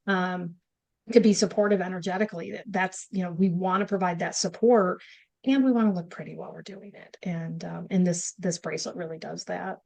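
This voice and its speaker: A woman's voice: medium pitch, a little mellow. A woman from upstate New York with a Northern accent, co-hosting a rambling, chatty conversation. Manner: chatty, rambling, many restarts and fillers. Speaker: podcast co-host. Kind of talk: casual chat.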